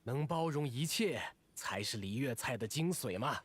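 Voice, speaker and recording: A seasoned innkeeper from a video game who gives advice calmly, as a man acts him out. His pitch rises and falls in a lively way as he speaks. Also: normal speed, a little hiss or hum, close to an everyday voice. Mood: advising. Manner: calm, advising. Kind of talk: game dialogue.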